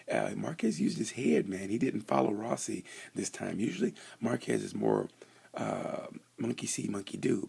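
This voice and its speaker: A man's voice: on the low side, a little mellow. A young man rambling through a casual, joking race review, often stumbling and restarting. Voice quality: gravelly, husky.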